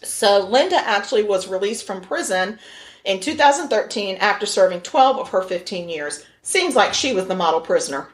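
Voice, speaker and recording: A woman's voice: mid-range voice, lively intonation, moderate pace. A middle-aged woman co-hosting a podcast, chatting casually as a jokey storyteller who laughs often. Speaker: podcast co-host. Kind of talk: casual chat.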